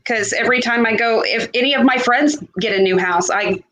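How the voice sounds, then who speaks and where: A woman with a high voice gives a tarot reading on a casual livestream. She gushes over the cards and talks chattily, trailing into long pauses. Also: fairly bright tone, rough recording. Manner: gushing, chatty, drawn-out pauses. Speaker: tarot reader.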